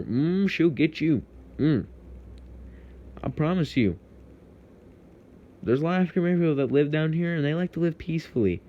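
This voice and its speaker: A man's voice: medium pitch, highs cut off. A young man from Texas with a Texan accent, ranting heatedly to camera in a profane, confrontational vlog monologue.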